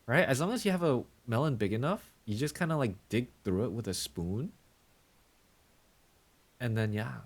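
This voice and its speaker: A man's voice: mid-range voice, animated, moderate pace, long pauses. A male streamer chatting casually with his viewers, playful and teasing in mock-villain banter.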